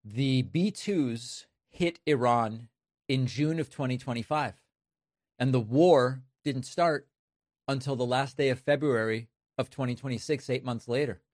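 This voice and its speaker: A man's voice: mid-range voice, a little slow, darkish tone, no echo, studio quality. A man hosting political commentary, emphatic and incredulous, with a sarcastic edge. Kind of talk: casual spoken commentary.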